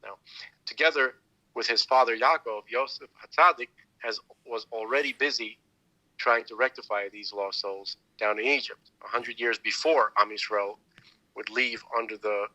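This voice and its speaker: A man's voice: mid-range voice, moderate pace, sharp tone, poor audio. A man hosting a podcast, talking through religious teachings in a loose, rambling way with many restarts. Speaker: podcast host. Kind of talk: casual religious discussion.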